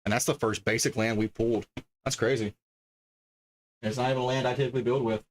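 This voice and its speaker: A man's voice: medium pitch, steady tone, quick pace. A man casually chatting on a livestream as he opens card packs, reading card names aloud and easily delighted by the art. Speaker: streamer opening card packs.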